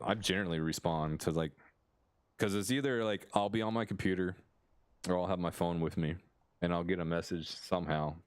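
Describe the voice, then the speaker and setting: A man's voice: low voice, clean tone, no echo. A young American man chatting casually on a live stream through a headset. He rambles, restarts his sentences and laughs often. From United States.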